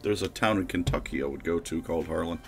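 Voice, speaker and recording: A man's voice: low voice, quick pace, faint music behind. A man chatting casually while gaming, blunt and sardonic in his remarks. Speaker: gamer.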